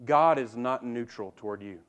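Here the sermon comes in a clean-toned, medium-pitched voice at a moderate pace. The man speaks directly and emphatically to the congregation, sinking to a hush, then rising loud, with repeated words driving his point home.

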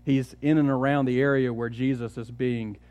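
A man's voice: medium pitch, fairly even intonation, moderate pace, a little mellow. A man pastor preaching a sermon, telling the story with rhetorical questions and often repeating words.

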